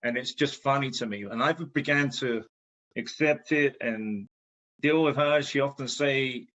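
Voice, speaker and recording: A man with a bright, forward voice talks through a podcast chat in a halting, self-deprecating way. He stops and restarts often. The sound is a little muffled and lo-fi. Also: mid-range voice. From England. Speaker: guest.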